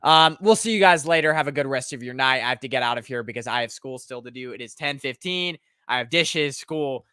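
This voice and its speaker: A man's voice: medium pitch, brisk, few pauses, sharp tone, clean tone, no echo, clean studio sound. A young man hosting a sports livestream, rambling casually and reading viewer chat aloud. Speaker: sports podcast host.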